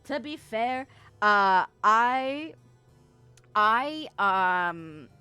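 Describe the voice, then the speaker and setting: A woman's voice: fairly high pitch, expressive, drawn-out words, pushed and bright, clear, resonant tone, no room sound, soft background music. A woman streamer in casual chat, reading chat messages aloud with lots of laughter and self-mocking jokes.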